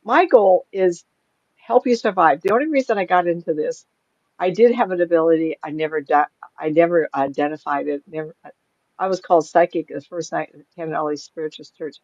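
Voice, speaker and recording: Gravelly older woman, rambling and anecdotal. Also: low voice, a little fast, darkish tone, no room sound, dull audio. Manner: rambling, anecdotal, laughs often. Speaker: psychic medium, guest. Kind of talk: casual interview talk.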